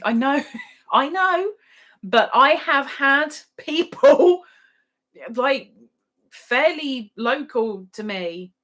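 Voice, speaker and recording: A middle-aged woman hosts a livestream with a slightly high, fairly bright voice. She chats casually and reads viewer comments aloud, giggling and sometimes singing playfully.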